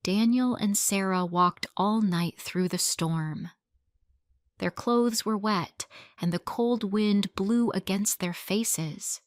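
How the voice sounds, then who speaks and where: A woman's voice: medium pitch, no room sound, studio quality. A woman reading a simple love story aloud as narrator for English learners. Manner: slow, clear, simple storytelling.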